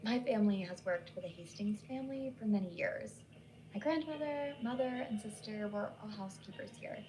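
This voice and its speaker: A woman's voice: medium pitch, normal speed, noisy background, lightly acted. A woman reading as a gushing, flustered thirties nurse. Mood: chatty. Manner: gushing, apologetic, nervous laughs.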